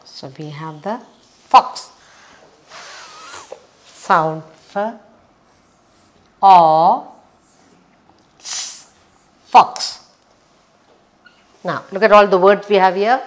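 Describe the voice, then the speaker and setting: A woman teaching a children's phonics lesson, sounding out letters slowly and repeating each one. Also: medium pitch.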